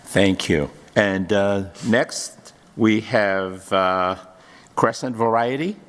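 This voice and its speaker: A man's voice: fairly low pitch, slow, fairly bright tone, in a large hall. A man hesitantly reading the next agenda item at a meeting. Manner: hesitant, filler-heavy. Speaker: agenda reader.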